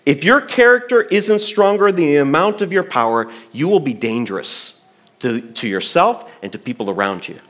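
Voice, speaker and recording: A middle-aged man, a pastor, preaching a sermon in a church, acting out quotes and swinging between loud bursts and quiet, low lines. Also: moderate pace. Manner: animated preacher acting out quotes with sudden loud and soft turns. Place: church hall.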